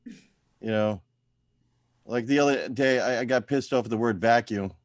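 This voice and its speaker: A man doing a deadpan stand-up set over a video call from home, trailing off into quiet, self-deprecating mumbles. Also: mid-range voice, a little slow, no echo. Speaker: stand-up comedian at open mic.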